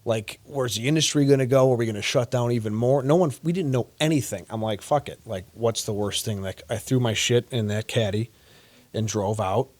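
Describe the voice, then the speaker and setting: A man's voice: mid-range voice, a little fast. A man with a Chicago accent, a comedian guest rambling in a casual podcast chat, swearing often. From Chicago area. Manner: rambling, swears freely, lively impressions.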